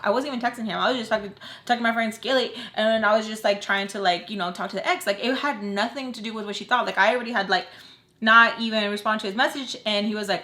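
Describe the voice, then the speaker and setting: A young adult woman vlogger telling a personal story in an animated, emphatic way, full of fillers and the odd swear word. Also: fairly high pitch, fast. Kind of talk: storytime chat.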